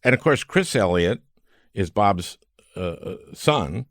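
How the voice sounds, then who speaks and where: Older man, podcast host, low voice, dry close sound, chatty storyteller. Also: big pitch swings, slow, fairly bright tone, no room sound. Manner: storytelling with frequent laughs. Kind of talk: casual interview chat.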